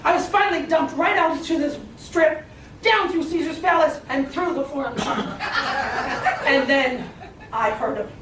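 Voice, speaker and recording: A woman with a very high voice tells a comic tall tale, theatrical and slow. She is heard from a distance in a roomy hall. Steady noise sits behind her. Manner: theatrical, lively delivery. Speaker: speaker. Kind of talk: humorous tall-tale speech. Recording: echoey hall from far, noisy.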